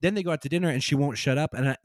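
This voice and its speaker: A man's voice: fairly high pitch, racing, no room sound. A man co-hosting a film podcast, rambling casually and acting out quotes as he talks. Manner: rambling, animated, acts out quotes. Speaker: podcast co-host.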